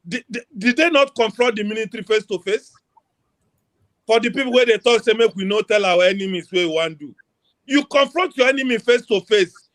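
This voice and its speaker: A man's voice: high-pitched, a bit bright. A Nigerian man calling in to a heated online political debate, talking emphatically and pleading for more time. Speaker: caller on a political talk show.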